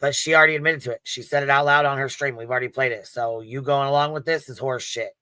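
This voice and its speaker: A man's voice: mid-range voice, steady tone, fast, sharp tone, clean tone, no room sound. A man, a panel guest ranting bluntly and swearing a lot. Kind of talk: heated casual commentary.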